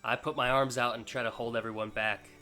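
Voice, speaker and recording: A man playing a character in a tabletop game, talking in a lively, jokey way. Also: mid-range voice, fast talker, clean tone, faint music behind. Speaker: player. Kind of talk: casual role-play.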